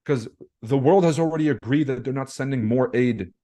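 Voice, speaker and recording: Young man, mellow dark voice, blunt slangy livestream talk, profane, rhetorical questions. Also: mid-range voice, brisk. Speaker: trading webinar host. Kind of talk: casual livestream market commentary.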